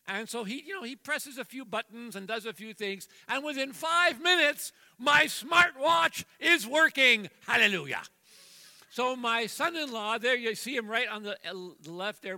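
An older man in his sixties delivers a sermon with a high, very bright voice. He is jovial and self-deprecating, acting out family stories in playful voices. A long reverb trails his words through the church. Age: 60s. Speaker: guest preacher. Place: church sanctuary.

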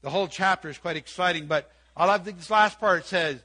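A man's voice: high voice, a little fast, bright, forceful tone. An older man preaching an earnest sermon in church, repeating key phrases and quoting scripture. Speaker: pastor.

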